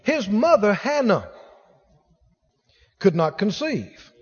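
A man's voice: sits high, takes it slowly, breathy edge, in a large hall, muffled recording. A man preaching a sermon as pastor, acting out the voices of the people in his stories. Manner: animated preaching, acts out quoted voices.

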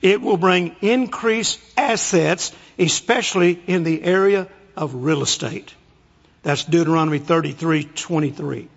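A man's voice: fairly high pitch, gravelly. A man preaching a sermon, telling stories with folksy humor, in an echoey, muffled recording. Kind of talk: storytelling sermon. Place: large hall, speaking to an audience.

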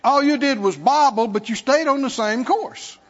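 Man, preacher, very high voice, sermon, calls out to the congregation, lo-fi church recording with long reverb. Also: moderate pace. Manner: acts out worried believers in a mocking tone. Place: church sanctuary.

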